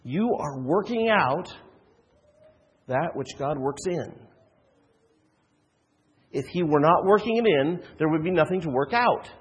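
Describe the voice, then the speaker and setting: A man's voice: fairly high pitch, expressive, a little slow, long pauses, breathy edge, long reverb tail, highs cut off. A man preaching a sermon as a pastor, earnest, with frequent restarts and rhetorical questions.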